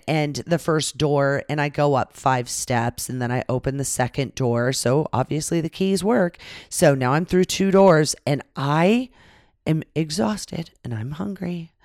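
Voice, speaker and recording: A woman guest casually telling a travel story in a dramatic, animated way, swearing freely. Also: low voice, a little slow, no echo, studio quality. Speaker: podcast guest.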